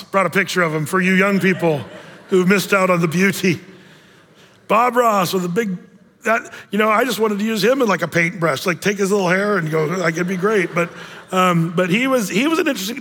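High-voiced guy preaching a sermon, jokey and animated, long echo like a big church. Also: moderate pace. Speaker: pastor.

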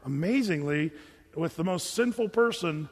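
A man's voice: on the high side, moderate pace, big-room sound. A man pastor giving a sermon, talking conversationally and animatedly, mimicking what his listeners say. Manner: conversational, animated preaching with mock voices of listeners.

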